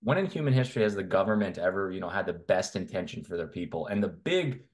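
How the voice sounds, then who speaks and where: In a casual interview, a male guest from Canada who works as a men's health coach talks fast, in long runs, with blunt opinions. His low voice is expressive.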